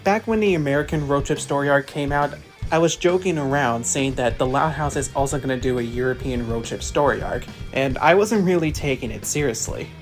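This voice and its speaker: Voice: medium pitch, a little fast, faint music behind. A fan commentator chatting casually and amused about a cartoon.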